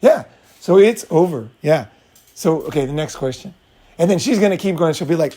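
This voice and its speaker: A man's voice: fairly high pitch, animated, brisk, dark tone. A man talking casually as a dating coach, blunt and profane, acting out both sides of a breakup. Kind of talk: casual talk with acted-out scenes.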